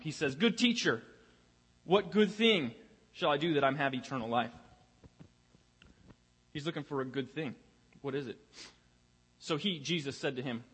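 A man's voice: medium pitch, fairly bright tone, slightly rough. A young man preaching a sermon in a church, talking conversationally and often repeating words as he finds his place. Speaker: pastor. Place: church sanctuary. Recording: long reverb of a large hall.

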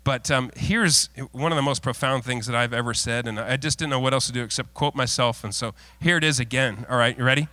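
A middle-aged male pastor preaching a sermon, mixing folksy, self-deprecating stories with earnest, lowered exhortation. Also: a little fast, few pauses, pushed and bright, no echo. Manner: folksy, self-deprecating storytelling with frequent laughs.

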